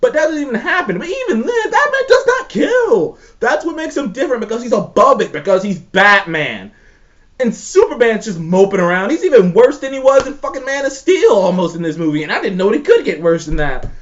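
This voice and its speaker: A man's voice: high voice, very animated, fairly quick, fairly bright tone. A man ranting in casual chat, profane, exasperated and emphatic. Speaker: show co-host ranking movies. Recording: slightly dull lo-fi recording.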